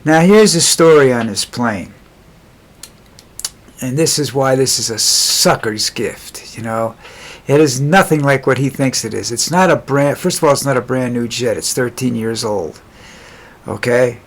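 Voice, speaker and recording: A man talks straight to the camera in a loose, rambling vlog, mid-pitched and unpolished. He keeps circling back, restarting phrases and stacking up fillers. Under it runs a steady note of sarcasm and scorn for whoever he is talking about. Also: unhurried. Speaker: political commentary vlogger. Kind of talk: casual rambling political commentary.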